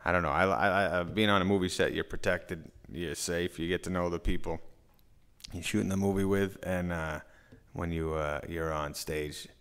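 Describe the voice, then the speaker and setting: A man's voice: sits low, fairly even intonation, normal speed, fairly bright tone, clear, resonant tone. A man answering questions at a press conference, joking and rambling in a self-mocking way. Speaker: film actor at press conference.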